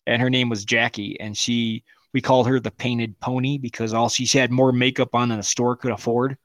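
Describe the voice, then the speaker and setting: A man's voice: mid-range voice, flat delivery, fairly quick, a bit bright, no echo, studio quality. A man in his forties co-hosting a podcast, telling crude stories in casual chat and laughing often. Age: 40s. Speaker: podcast co-host.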